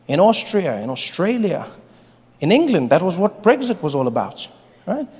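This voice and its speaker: A man performing stand-up comedy, telling animated stories in a large venue. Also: high-pitched, moderate pace. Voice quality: animated, storytelling. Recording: long hall reverb, faint noise.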